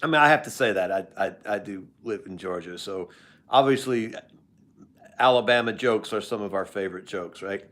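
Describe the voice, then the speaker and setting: A man's voice: fairly low pitch, moderate pace, fairly bright tone. An older man hosting a live stream, chatting casually with viewers in a rambling, joking way.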